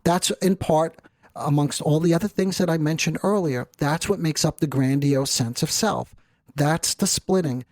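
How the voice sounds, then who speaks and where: Measured man explaining, fairly high voice. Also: a little mellow, dry recording. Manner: measured, explanatory, rhetorical asides. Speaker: therapist host. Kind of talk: educational talk.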